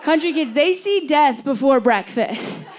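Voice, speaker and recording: A woman doing a stand-up set on a theater stage, telling deadpan stories and acting out the people in them, with laughter answering her lines. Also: high voice, a little slow, some chatter behind. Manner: deadpan storytelling with quoted voices. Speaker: stand-up comedian.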